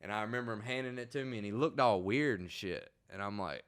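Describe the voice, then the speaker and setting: A young man telling a wild story in casual, profane, animated chat. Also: on the low side, quick pace, clear, resonant tone.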